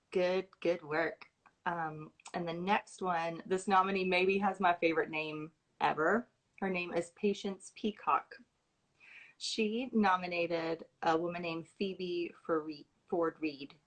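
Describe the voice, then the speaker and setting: A woman's voice: lowish voice, fairly bright tone, poor audio. A woman hosting a livestream at home, reading out scholarship nominations in an informal way with asides, fillers and restarts. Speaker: host announcing scholarship recipients. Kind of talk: casual livestream talk.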